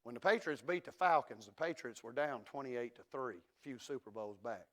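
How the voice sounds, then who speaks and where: A middle-aged preacher man delivering a fiery sermon in a church. He drops to quiet, conversational asides, then rises to loud, ringing declarations, with his voice sitting at an ordinary male pitch. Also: animated, moderate pace. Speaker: pastor. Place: church sanctuary.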